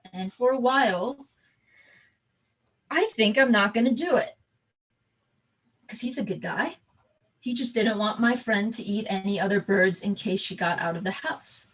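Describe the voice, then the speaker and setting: A woman performing a theatrical storytelling monologue, halting with frequent restarts and repeated words. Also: medium pitch, fairly bright tone, slightly rough, rough recording. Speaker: stage performer.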